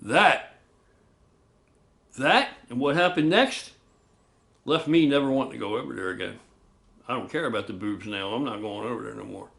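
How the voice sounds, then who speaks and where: A man casually recounting a true ghost story, animated, acting out loud booms and swearing now and then. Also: normal speed, vocal fry, long pauses. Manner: animated, loud booming sound effects, swears.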